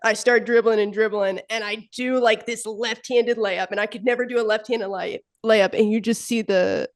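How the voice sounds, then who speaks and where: A woman's voice: fairly high pitch, fairly even intonation, moderate pace, dry recording, studio quality. A woman co-hosting a podcast, chatting casually with a self-deprecating, hesitant manner. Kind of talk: casual chat.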